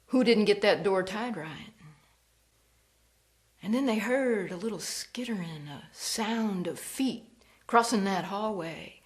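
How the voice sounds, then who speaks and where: A woman storyteller performing a ghost story, slow and hushed, dropping to whispers. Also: medium pitch.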